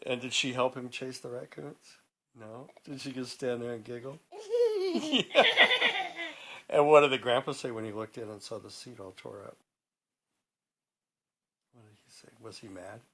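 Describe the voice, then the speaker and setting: An animated man tells a made-up story to a young child, his voice sitting at an ordinary middle pitch. He draws her in with frequent questions and laughs along as he goes. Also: normal speed, pauses often, husky, poor audio.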